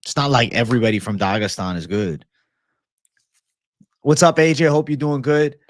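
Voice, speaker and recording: A man's voice: medium pitch, normal speed, slight background noise. A man hosting a casual livestream and answering viewer comments in a blunt, laid-back, profane way. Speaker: livestream host.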